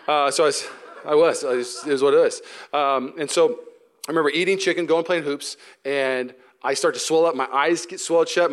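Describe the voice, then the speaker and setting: A young man preaching a sermon, telling a story with acted-out voices and laughs, then dropping to a soft, low, earnest voice for the serious points. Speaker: pastor. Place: church auditorium.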